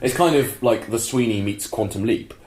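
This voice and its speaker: A man's voice: on the low side, a little mellow. Chatty man in an echoey room. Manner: chatty, laughs often, quick asides. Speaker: podcast co-host. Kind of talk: casual chat.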